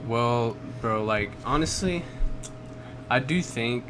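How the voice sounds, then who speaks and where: A man's voice: mid-range voice, lively intonation, slow pace. A young man co-hosting a podcast, telling stories in a rambling way full of fillers and swearing. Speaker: podcast co-host. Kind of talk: casual chat. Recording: noticeable background noise.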